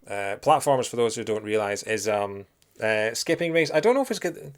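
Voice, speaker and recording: Man with a soft Scottish accent. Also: on the low side, expressive, brisk. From Scotland. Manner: chatty, thinks aloud, many ums and restarts, greets viewers. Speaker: streamer playing a retro game. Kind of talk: casual live-stream commentary.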